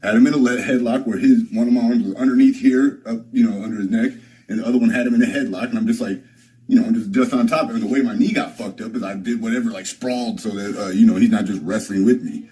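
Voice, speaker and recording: A man's voice: fairly low pitch, quick pace, dark tone, low-quality recording. Profane rambling young man streamer. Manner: rambling, profane, restarts and fillers, mimics others in raised voice. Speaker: live streamer. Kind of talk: casual storytelling to a stream.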